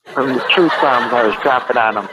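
A man's voice: mid-range voice, brisk, noisy background. A brash, cocky man calling in to a talk show, with a Chicago accent, who keeps repeating his jokes over the phone. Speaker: caller. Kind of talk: call-in banter. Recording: tinny phone line.

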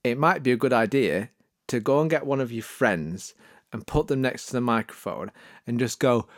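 A man's voice: medium pitch, normal speed, dry recording, clean studio sound. A man giving podcast production tips in a jokey, mock-serious monologue, theatrical and full of sudden vocal swoops. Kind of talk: comic tutorial monologue.

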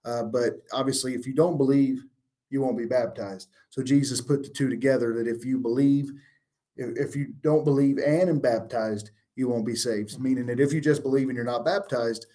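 A man of middling pitch teaches as a guest on a religious talk show. He reads old-style scripture aloud, then explains each verse in earnest, plain language. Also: steady tone, normal speed, mellow.

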